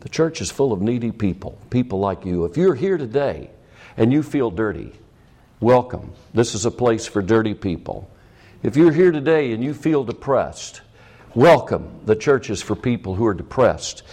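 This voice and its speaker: A man's voice: medium pitch, very animated, normal speed, a little mellow. A middle-aged man preaching a sermon as pastor, with emphatic rising peaks.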